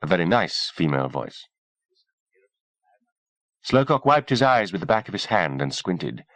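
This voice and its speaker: A man narrating an audiobook in a measured, expressive reading. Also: low voice, dry recording.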